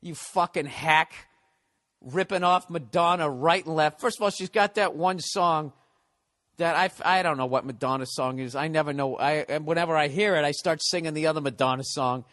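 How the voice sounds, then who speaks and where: A man's voice: on the high side, fairly quick, fairly bright tone. A man hosting a podcast, telling a comedic story as a profane, exasperated, sarcastic rant. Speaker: podcast host.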